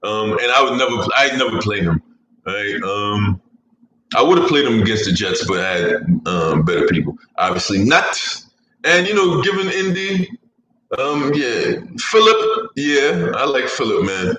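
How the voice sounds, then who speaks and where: Male podcast host, casual and rambling, swears a lot, bright tone, echoey room with faint hum. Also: lowish voice, big pitch swings, unhurried. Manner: rambling, swearing, laughs at own jokes. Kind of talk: casual fantasy sports chat.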